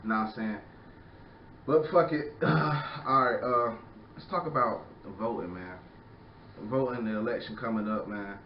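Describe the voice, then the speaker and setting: A man's voice: mid-range voice, unhurried, slight background noise. A young man hosting a casual podcast, ranting in a profane, rambling way and repeating "you know what I'm saying.". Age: young adult. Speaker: podcast host. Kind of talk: casual rant. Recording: echoey room, far from mic, dull.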